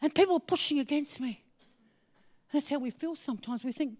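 A woman preaching a sermon, telling a personal story with animated swings between hushed asides and excited exclaiming. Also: sits high, fairly quick.

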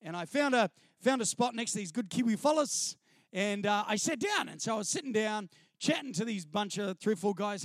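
A man telling a comic story to an audience in an animated way, mimicking people and laughing through his lines. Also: high voice, a little fast, no echo, studio quality. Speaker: speaker sharing a testimony.

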